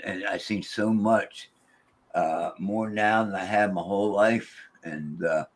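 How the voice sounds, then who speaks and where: A man, a paranormal investigator, chatting casually and rambling with frequent restarts. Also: sits low. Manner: rambling, repeats and restarts words. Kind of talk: casual chat.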